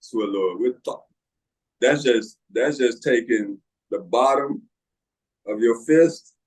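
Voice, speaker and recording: A man in his late forties, a podcast co-host telling stories in casual chat, profane and animated, often breaking into laughter. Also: mid-range voice, slow, poor audio. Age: 40s.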